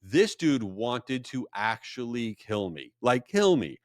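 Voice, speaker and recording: A man hosting a podcast, telling a story in an animated, rambling and self-deprecating way. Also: mid-range voice, slow, no echo, clean studio sound. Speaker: podcast host. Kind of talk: casual storytelling monologue.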